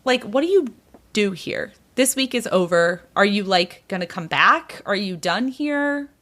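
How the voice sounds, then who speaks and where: A woman telling a gossip story on a podcast in a lively, chatty way. She slips into the voices of the people in her tale and says "like" all the time. Her pitch sits in the middle. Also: measured pace. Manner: animated retelling, acts out quoted people, frequent "like". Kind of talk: casual storytelling chat.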